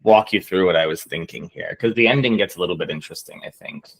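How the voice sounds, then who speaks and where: A man who plays Go as an amateur, going through his game in a measured, analytical way after it ends. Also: low voice, gravelly, husky. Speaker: amateur Go player. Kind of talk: post-game review.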